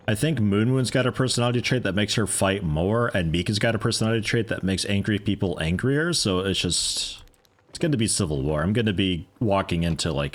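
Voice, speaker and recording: Low-voiced guy rambling to chat while he plays, jokey asides. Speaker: streamer. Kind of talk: casual gameplay commentary.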